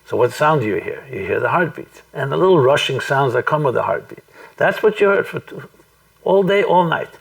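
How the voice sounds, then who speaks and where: Gravelly-voiced man lecturing a room. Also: on the high side, expressive, far from the mic, low-quality recording. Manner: thoughtful, slow and deliberate, with frequent restarts. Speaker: rabbi giving a talk. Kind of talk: storytelling lecture to a live group. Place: room with a small audience.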